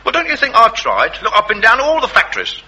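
A self-pitying tramp who talks fast in rough, working-class speech. His bright, slightly high voice bounces up and down as he angles for favours. Faint hiss sits behind him. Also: huge pitch swings, heavily acted, low-quality recording. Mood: aggrieved. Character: wheedling, self-pitying male tramp and ex-soldier. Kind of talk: sketch comedy acting.

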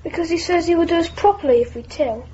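A young actor playing a timid, frightened schoolboy who is being bullied. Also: female voice, very high voice, quick pace, warm tone, highs cut off, a little hiss or hum. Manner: timid, hesitant.

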